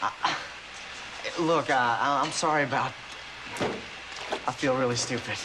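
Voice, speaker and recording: A man's voice: medium pitch, measured pace, background noise, natural voice. A stammering young college debater, eager and self-deprecating, played by a young man in a film. He trips over his words and keeps putting himself down in front of his idol. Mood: bashful. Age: young adult. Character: eager young male debater, bashful country boy.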